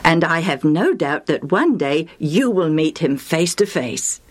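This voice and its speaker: A woman voicing a grave, kindly older man who speaks slowly and carefully in a storybook reading. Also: sits low, sing-song, husky, full character voice.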